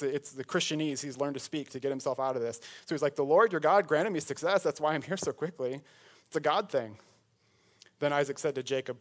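A man preaching a sermon to his church, conversational and joking, breaking into asides and laughs as he retells a Bible story. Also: mid-range voice. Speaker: pastor.

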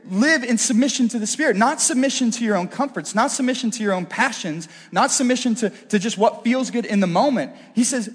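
A man preaching a sermon from a church stage, conversational and animated, acting out bits of dialogue. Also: sits high. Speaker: pastor. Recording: long hall reverb.

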